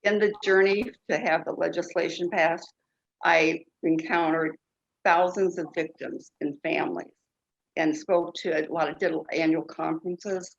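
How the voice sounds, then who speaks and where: Earnest lady guest, slow halting talk, kinda muffled lo-fi audio. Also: low-pitched, fairly even intonation, creaky. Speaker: guest, foundation founder. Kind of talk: interview storytelling.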